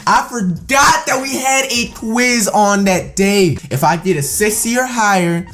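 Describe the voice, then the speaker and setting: A young man telling a casual storytime as a streamer, swinging from low muttering to excited shouting. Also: a little slow, soft background music.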